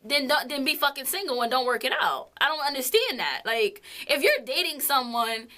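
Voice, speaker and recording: A woman's voice: sits high, expressive, normal speed, pushed and bright. A young woman co-hosting a couple's vlog, telling a story in casual chat, blunt, swearing freely and laughing often.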